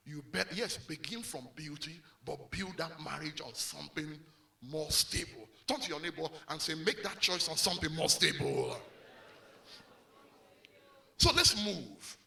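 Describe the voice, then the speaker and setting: A male pastor preaching a sermon, animated and full of call-and-response prompts to the congregation. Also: a little high, moderate pace, creaky.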